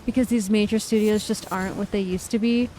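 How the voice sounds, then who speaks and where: A woman in her thirties from the United States, streaming a game live, jumping from sudden high squeals of surprise into relaxed chatty talk with her viewers. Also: brisk, a little hiss or hum, rough recording. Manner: excitable, squeals and exclaims at game events, then chats casually. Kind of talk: live gameplay commentary.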